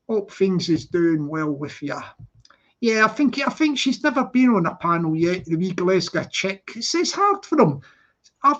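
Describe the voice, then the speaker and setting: A man hosting a casual livestream, chatting to viewers in the chat and teasing them, calling them darling. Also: sits high. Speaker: livestream host. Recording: dull lo-fi stream audio.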